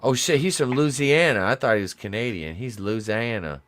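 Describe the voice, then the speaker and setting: A man's voice: medium pitch, normal speed, a bit bright. A man co-hosting a wrestling podcast in a casual, jokey chat, swearing freely. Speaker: podcast co-host.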